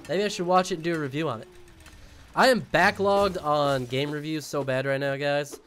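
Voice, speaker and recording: A man's voice: on the high side, steady tone, normal speed, a bit bright. A man chatting casually to his viewers while streaming a game, joking and rambling. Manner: jokey, rambling, talks to chat while playing. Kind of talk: casual gaming stream chat.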